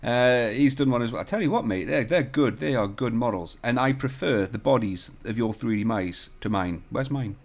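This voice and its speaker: A man's voice: mid-range voice, moderate pace, few pauses. Chatty man streaming live. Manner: chatty, jokey, swears casually, talks to viewers. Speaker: CAD tutorial livestream host. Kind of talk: casual livestream chat. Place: hotel room. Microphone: desk mic without shock mount or pop filter.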